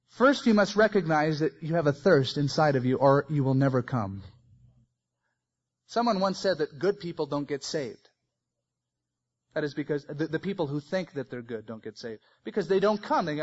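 A man preaching a sermon, swinging between loud emphasis and soft, quiet phrases. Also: a little high, lively intonation, moderate pace, highs cut off. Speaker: pastor.

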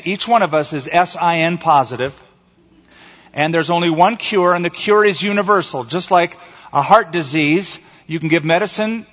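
A male pastor delivering an emphatic sermon in a fairly high voice. He slows down to stretch out the key words. His voice rings through a church hall with a long echo, and the sound is a little dull. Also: a bit bright. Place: church sanctuary.

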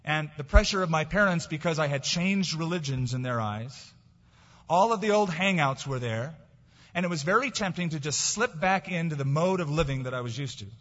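A middle-aged man preaching a sermon as pastor, emphatic, swinging between raised declarations and quiet asides. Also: fairly high pitch, lively intonation, moderate pace. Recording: dull lo-fi recording in a reverberant hall.

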